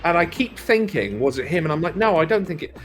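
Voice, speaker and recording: A man's voice: fairly high pitch, quick pace, soft background music. A Welsh man in casual chat, telling long rambling stories with plenty of swearing and laughter. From Wales. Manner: rambling storyteller, swears freely, lively laughter. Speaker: co-commentator.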